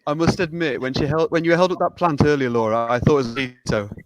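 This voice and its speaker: A man's voice: fairly high pitch, quick pace, poor audio. A man in casual chat on a video call, playful and self-mocking.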